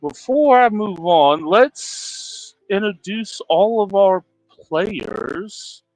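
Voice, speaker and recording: A man hosts a charity game stream at an unhurried pace and pokes fun at himself. His voice is dry and close, with faint music playing underneath. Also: high-pitched, lively intonation, a little mellow, no echo, rough recording. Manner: slow, self-deprecating, flustered. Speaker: stream host. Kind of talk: casual livestream chat.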